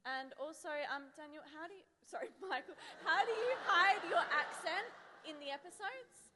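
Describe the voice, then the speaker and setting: A woman asking a fan question at a convention panel, giggly and nervous, rushing her words. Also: very high voice. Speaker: audience questioner. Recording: audience mic in a reverberant hall with faint noise.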